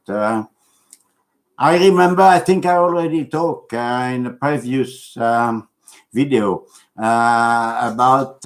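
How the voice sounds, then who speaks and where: A man with a non-native English accent giving an earnest, preachy, rambling monologue to his video audience, halting and full of fillers. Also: medium pitch. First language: not English. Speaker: religious video blogger.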